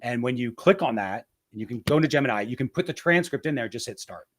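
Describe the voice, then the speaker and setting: A man's voice: mid-range voice, animated, fast. Man explaining step by step, full of restarts. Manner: rambling, explains step by step with many restarts and "right?" tags. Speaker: guest. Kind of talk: casual explanatory interview talk.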